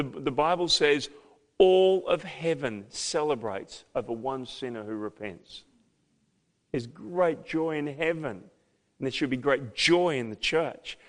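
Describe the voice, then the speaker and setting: A man preaching a sermon as pastor, emphatic, with loud, dramatic peaks. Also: mid-range voice. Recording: long hall reverb.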